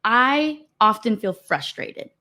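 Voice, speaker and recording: In casual podcast chat, a twenty-something woman co-host speaks frankly and reads viewer comments aloud. Her voice is fairly high, sharp and expressive, and she talks slowly.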